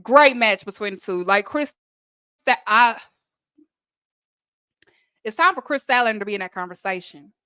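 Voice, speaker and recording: A woman's voice: medium pitch, expressive, moderate pace, pauses often, pushed and bright, smooth, dry recording. A woman from Texas with a Texan accent, hosting a casual wrestling recap podcast and chatting emphatically to listeners.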